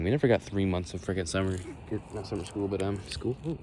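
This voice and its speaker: A young American man with a somewhat low voice rambles through a casual walking vlog, drifting between sarcastic asides and step-by-step explanations. He is outdoors with a phone mic, and faint traffic noise hums behind him. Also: fast talker, hardly any pauses, warm tone. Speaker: vlogger. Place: outdoors walking near a road.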